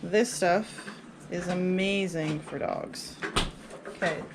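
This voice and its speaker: A woman's voice: lowish voice, slow pace. A woman vlogging at home as she feeds her dogs, chatting casually and coaxing them in a rising pet-talk voice. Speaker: dog owner vlogger. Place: home kitchen with dogs around. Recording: noisy home audio with background ambience.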